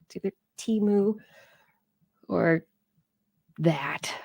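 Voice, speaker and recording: A woman's voice: on the low side, very slow, vocal fry, darkish tone, no echo, studio quality. A woman co-hosting a live science podcast stream, chatting casually and laughing often. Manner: chatty, laughs often, talks to her cats and chat. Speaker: podcast co-host.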